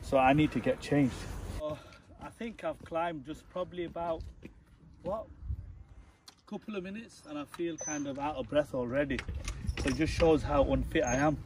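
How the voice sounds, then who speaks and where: A man's voice: fairly high pitch, normal speed, pauses often, a crowd in the background. A man, talking casually to his viewers while walking outdoors on a hillside. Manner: chatty, talks straight to viewers. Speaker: travel vlogger.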